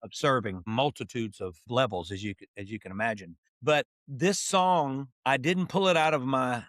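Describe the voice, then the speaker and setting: A man's voice: medium pitch, normal speed, dry recording, clean studio sound. A man in his sixties, a podcast co-host and musician, telling stories in casual chat and acting out the dialogue he quotes. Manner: animated, acts out quoted dialogue.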